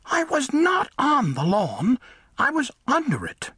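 A man voicing a small, cocky male mole in an audiobook, with a husky little voice like a hoarse mouse. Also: high-pitched, animated, unhurried, fairly bright tone, no echo, studio quality, pitched above the performer's own voice, exaggerated voice. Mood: angry. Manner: defiant, boastful, repeats himself. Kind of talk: audiobook character voice.

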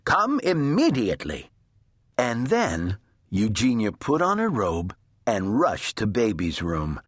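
A man narrating a children's story at a slow, unhurried pace. His pitch rises and falls widely with lively expression, and his voice carries a slight huskiness in a dry, close recording. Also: dry recording. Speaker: audiobook narrator.

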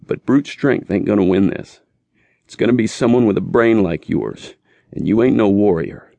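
A man voicing a grim, tender Marine father who speaks low and quietly, with a rough, plain drawl. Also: lively intonation, normal speed, dry recording. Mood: solemn.

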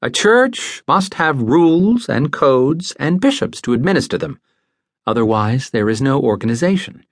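Male audiobook narrator, expressive storytelling, lively pitch, dry close studio sound. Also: normal speed, no room sound.

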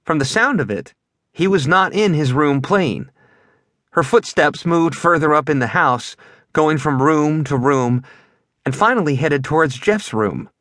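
A man's voice: on the high side, expressive, a little slow, fairly bright tone, no room sound. Male audiobook narrator, dry and close. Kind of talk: scripted narration.

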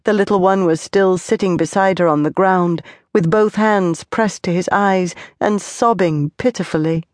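A woman narrating a children's audiobook with gentle, measured storytelling. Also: on the low side, no echo, clean studio sound. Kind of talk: scripted narration.

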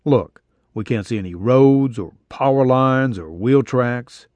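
A man playing a soft-spoken young cowboy. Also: mid-range voice, takes it slowly, no room sound, lo-fi sound, lightly acted. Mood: tender. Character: gentle young cowboy in his twenties.

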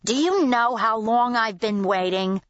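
Woman putting on a shrill sneering diner customer. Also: unhurried, dry recording, dull audio, close to an everyday voice. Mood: impatient. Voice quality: high-pitched, sneering. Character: rude sharp-featured woman customer.

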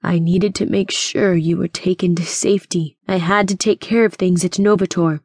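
A woman voicing an older male scientist, a grandfather who speaks in a measured, regretful way. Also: high voice, steady tone, a little mellow, breathy edge, no echo, clean studio sound.

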